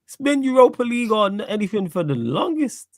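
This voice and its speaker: A man's voice: high-pitched, very animated, a little fast, dry recording. A young man from Manchester with a Mancunian accent, hosting a casual football chat, laid-back and slangy, laughing often. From Manchester, England. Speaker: podcast host.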